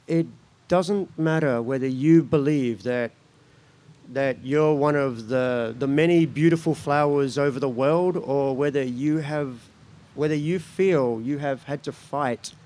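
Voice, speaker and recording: Slow-speaking man telling his heritage. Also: medium pitch, darkish tone. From Australia. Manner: slow, reflective, laughs between phrases. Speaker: speaker at a gathering. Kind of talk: personal spoken-word talk.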